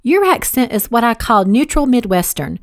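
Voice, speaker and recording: A woman voicing a spirited young Southern heroine, quick to irritation, with raised, emphatic questions. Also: a little high, very animated. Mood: probing.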